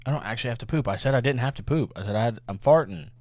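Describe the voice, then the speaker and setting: A man's voice: mid-range voice, racing, a little mellow, no room sound. A man co-hosting a casual podcast, teasing and joking as he rambles. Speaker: podcast co-host.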